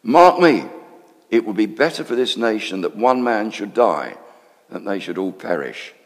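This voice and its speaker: A man's voice: very animated, normal speed, in a large hall. A man voicing a commanding, big-voiced male chief priest in a dramatic monologue. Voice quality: booming, domineering.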